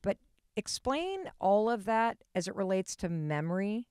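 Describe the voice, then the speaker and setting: A woman in her fifties hosting a podcast interview, telling a story in a lively way and asking pointed questions. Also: medium pitch, a little slow, clean tone, dry recording, clean studio sound. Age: 50s. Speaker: podcast host. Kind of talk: conversational interview.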